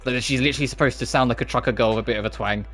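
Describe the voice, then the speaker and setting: A man streaming a game with casual commentary, swearing freely and reacting in quick asides. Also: medium pitch, fairly even intonation, a bit bright, soft background music.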